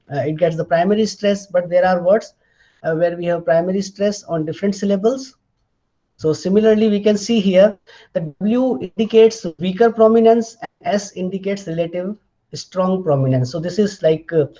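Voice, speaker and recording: A man delivering a recorded academic lecture, explaining step by step and pausing often on fillers. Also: high voice, dark tone. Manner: explanatory, hesitant with frequent pauses and fillers. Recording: dull lo-fi recording.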